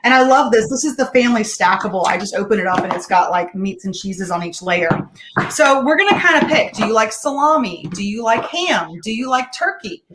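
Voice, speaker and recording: A chatty, upbeat middle-aged woman appears as a guest home cook on a casual live-stream, demonstrating a meal in a home kitchen and sharing tips. Her fairly high voice is briskly paced with lively intonation, she laughs often, and there is background noise.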